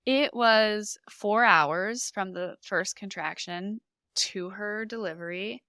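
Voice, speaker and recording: Bright, clear-voiced woman telling a story. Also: mid-range voice, takes it slowly, no room sound. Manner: animated storytelling, acting out quoted lines. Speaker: podcast guest. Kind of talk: telling her birth story.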